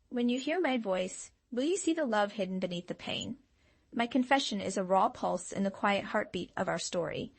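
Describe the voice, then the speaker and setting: A woman reading a scripted channeled love message as a tarot reader, in a slow, dramatic, emotive way. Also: medium pitch, creaky, breathy edge, no room sound.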